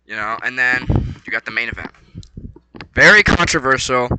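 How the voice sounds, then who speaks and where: Young man, very bright tone, mid pitch, casual slangy fight recap, excitable, jumps from mumbling to shouting. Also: normal speed, a little hiss or hum, low-quality recording. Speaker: vlogger.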